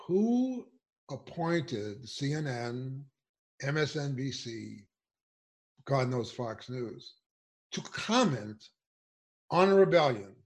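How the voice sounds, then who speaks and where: A man's voice: a little high, a little mellow. Indignant, emphatic man speaking out. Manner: emphatic, indignant, rhetorical questions. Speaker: political speaker. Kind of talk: impassioned political commentary.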